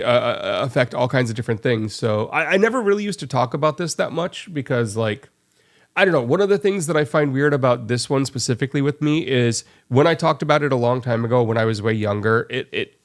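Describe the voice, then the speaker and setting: A man hosting a stream, his pitch sitting squarely in the middle. He talks in a loose, rambling way and piles on fillers as he tells his story. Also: brisk. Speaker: stream host. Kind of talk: casual chat.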